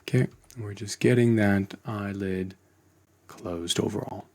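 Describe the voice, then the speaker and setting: Relaxed man teaching animation on screen. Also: on the low side, a little slow, creaky. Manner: relaxed, thinking aloud while working. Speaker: animation instructor. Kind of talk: screen-recorded software tutorial.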